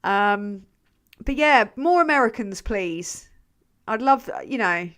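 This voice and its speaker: A woman's voice: mid-range voice, lively intonation, slow, fairly bright tone. English woman rambling on a livestream. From England. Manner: swears freely, rambling, laughs often. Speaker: channel host reading live chat. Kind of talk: casual livestream chat.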